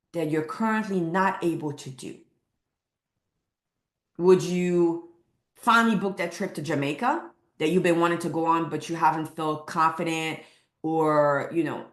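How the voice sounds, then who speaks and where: A woman's voice: on the low side, reverberant. A woman weight loss coach speaking to camera with emphatic, repeated motivational lines.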